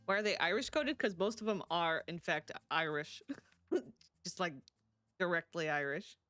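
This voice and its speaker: A woman's voice: lowish voice, measured pace, fairly bright tone, no room sound, faint music behind. A woman streaming a life-sim game, chatting casually and laughing often as she answers her chat. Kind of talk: casual live-stream chat while playing.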